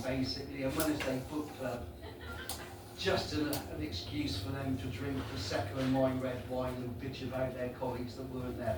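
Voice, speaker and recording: Sixties comic, wry and self-mocking; distant, roomy pub recording. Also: male voice, mid-range voice. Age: 60s. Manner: self-deprecating, wry storytelling. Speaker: stand-up comedian. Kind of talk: stand-up comedy set. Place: small pub function room. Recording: echoey far-off pub recording with background noise.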